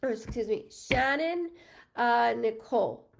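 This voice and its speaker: A woman hosting a live medium stream, talking casually to her viewers and thanking them one by one. Her voice is strongly gravelly with constant fry, and she speaks slowly, filling pauses with ums. She drops a swear word here and there. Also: on the high side, expressive. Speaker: medium doing live readings. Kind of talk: casual livestream chat with viewers.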